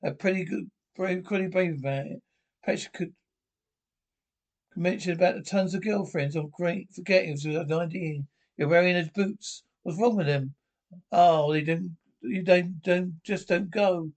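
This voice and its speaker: Men acting out quick, bickering dialogue from a British TV sitcom. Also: male voice, high-pitched. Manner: bickering, quick comic banter.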